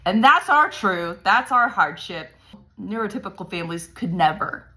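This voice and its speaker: A woman's voice: mid-range voice, animated, normal speed, pushed and bright. A woman in her thirties venting candidly to camera about her hard days as a parent, swearing often and joking darkly while sounding worn out. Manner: profane, darkly humorous, venting. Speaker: parent vlogger. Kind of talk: candid talking-to-camera vlog.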